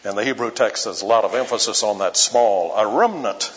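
A man preaching an expository sermon, reading scripture aloud in King James wording and explaining it at a measured pace. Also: on the low side. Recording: dull lo-fi recording in a reverberant hall.

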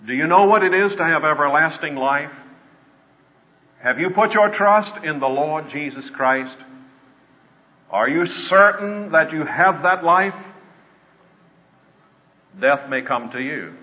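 A man preaching a sermon in an earnest way, slowing down to stress his points. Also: fairly high pitch, lively intonation. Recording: dull lo-fi with long reverb.

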